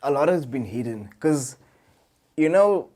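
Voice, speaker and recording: A young man, a musician guest on a podcast, telling stories in a loose, excitable way, full of slang and swearing. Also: medium pitch, a little slow. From Cape Town, South Africa. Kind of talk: casual chat.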